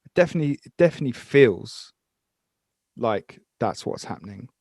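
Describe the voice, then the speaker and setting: A man from Brighton hosting a podcast, chatting loosely and swearing freely. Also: medium pitch, lively intonation, normal speed, no echo, studio quality. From Brighton, England. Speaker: podcast host. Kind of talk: casual interview chat.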